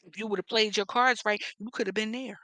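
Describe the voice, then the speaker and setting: A woman's voice: medium pitch, fairly even intonation, fairly quick, bright, forceful tone, dry recording. A woman with a Philadelphia accent, ranting at someone on her vlog in a confrontational, mocking, profane way. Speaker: vlogger.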